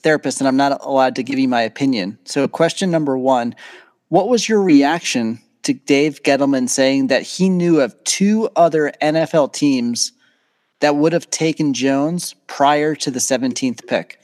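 Calm man playing therapist, dry sound. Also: mid-range voice, normal speed, no room sound. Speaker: podcast co-host acting as therapist. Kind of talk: mock therapy session.

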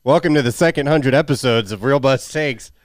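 A man's voice: mid-range voice, brisk, no echo, clean studio sound. A man co-hosting a podcast in wry, laid-back casual chat. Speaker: podcast co-host.

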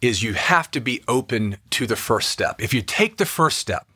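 A man's voice: medium pitch, animated, normal speed, bright, forceful tone, breathy edge, no room sound, studio quality. A man, a podcast co-host and actor, chatting casually and telling an enthusiastic personal story.

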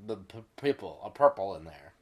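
A man's voice: deep voice, brisk, husky. A man co-hosting a podcast, chatting casually about a TV show and quoting the characters with wry remarks. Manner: animated, quotes characters with wry commentary. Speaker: podcast co-host. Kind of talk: casual chat recapping a TV show.

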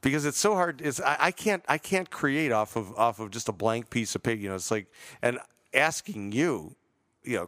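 A man's voice: mid-range voice, lively intonation, normal speed, fairly bright tone, no echo, clean studio sound. A man co-hosting a podcast as a pastor, in casual joking chat, laughing often and trailing off mid-sentence.

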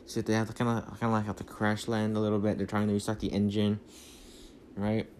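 A man's voice: on the low side, monotone, fast, darkish tone, a little hiss or hum. A man rambling through a casual movie recap on a phone mic, full of fillers and restarts. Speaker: podcast host.

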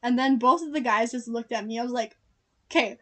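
A woman's voice: on the high side, fast, a bit bright. A young woman in casual chat, rambling and giggling, with lots of "like".

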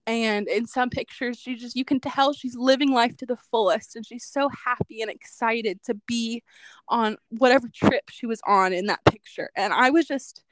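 During a relaxed podcast conversation, a young female co-host tells a personal story at normal speed, her chatty, reflective delivery peppered with "like." She has a slightly high voice, recorded dry.

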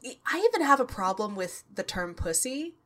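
A woman's voice: medium pitch, very animated, a little fast, fairly bright tone. A young woman co-hosting a book podcast in casual chat, wry and plain-spoken, reacting with groans. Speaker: podcast co-host.

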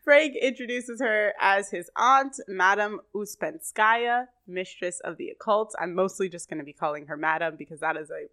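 A woman's voice: medium pitch, moderate pace, hardly any pauses, pushed and bright. A woman co-hosting a podcast, recapping an episode in a chatty way and laughing often. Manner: laughing, chatty storytelling with quoted lines. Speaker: podcast co-host.

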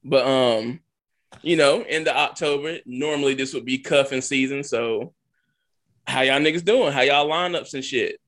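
A man's voice: mid-range voice, normal speed, fairly bright tone. A man hosting a casual podcast, joking and laughing often as he talks. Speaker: podcast host. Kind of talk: casual chat.

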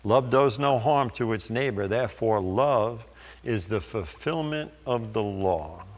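A man preaching a sermon, reading scripture slowly and deliberately with pauses. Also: lowish voice, animated, long reverb tail.

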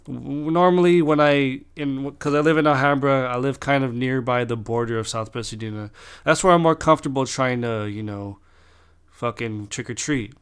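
A man's voice: mid-range voice, normal speed, clear, resonant tone. Profane young man rambling. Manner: rambling, heavy swearing, frequent restarts. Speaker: storyteller. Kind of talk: casual storytelling.

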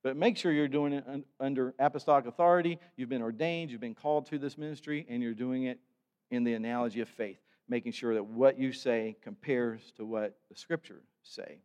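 A man preaching a sermon to his congregation, conversational and animated, with asides to the listeners. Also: mid-range voice. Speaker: pastor. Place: church sanctuary. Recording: long church reverb.

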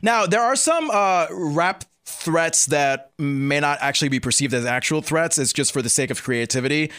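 A man's voice: a little high, lively intonation, moderate pace, a bit bright, clear, resonant tone. A man hosting a casual celebrity gossip chat, teasing his co-host in a playful, hesitant way. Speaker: podcast host.

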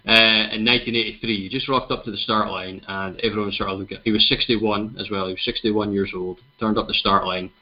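Scottish guy hosting a running podcast, laid back and rambly, lower voice, kinda muffled lo-fi sound. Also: brisk, few pauses. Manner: relaxed, chatty, many fillers. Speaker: podcast host. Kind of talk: casual chat, storytelling. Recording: dull lo-fi recording.

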